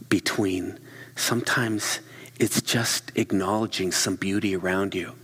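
A middle-aged man preaching a sermon, telling stories with animated delivery and dropping into quiet whispered asides. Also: sits low. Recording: long reverb of a large hall.

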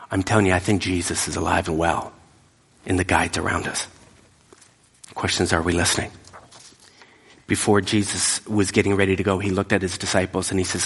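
Male preacher, lowish husky voice, long hall reverb, intense with whispered drops. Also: fairly even intonation, brisk. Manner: emphatic, drops to hushed whispers. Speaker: pastor. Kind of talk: sermon.

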